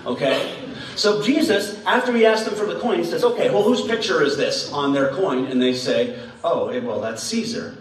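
A man's voice: a little high, lively intonation, moderate pace, distant mic, slight background noise. A man giving a children's message in church, playful and laughing as he quizzes the kids with riddles. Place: church sanctuary. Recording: echoey sanctuary heard from afar.

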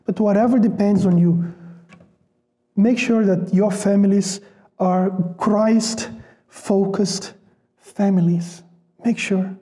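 A man with a very high, mellow voice preaches a sermon in an easy, conversational manner. He repeats words for emphasis and asks the congregation rhetorical questions. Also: fairly even intonation, slow, long pauses. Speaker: pastor.

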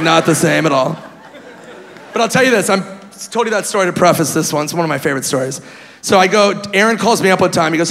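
A man from Minnesota tells a rambling, self-mocking story on a comedy stage. His voice sits high with a gravelly fry. It rings through a live hall with the audience faintly behind. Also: lively intonation, quick pace, fairly bright tone, a faint crowd. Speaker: stand-up comedian.

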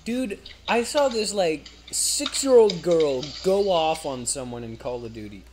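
A man's voice: on the high side, expressive, a little slow, background noise. A young man co-hosting a casual gaming podcast, teasing and offhand in a sarcastic way. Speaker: co-host.

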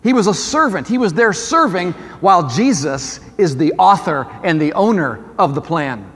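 A man with a notably high voice delivers a sermon to his congregation. He talks in a loose, conversational way and keeps turning to the listeners with questions. His words ring out with a long reverb from the church hall. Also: sing-song, moderate pace, a bit bright, breathy edge. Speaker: pastor. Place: church sanctuary.

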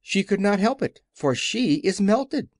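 A man's voice: sits high, animated, a little slow, no room sound, studio quality, pitched above the performer's own voice. A man voicing an earnest straw man in an audiobook, speaking plainly and emphatically.

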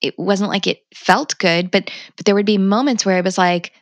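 A middle-aged woman speaks candidly as a podcast guest. She is passionate and blunt, swearing freely. Her voice sits at a middle pitch and is recorded close and dry. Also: normal speed, no room sound. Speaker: podcast guest, parenting coach. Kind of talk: candid conversational interview.

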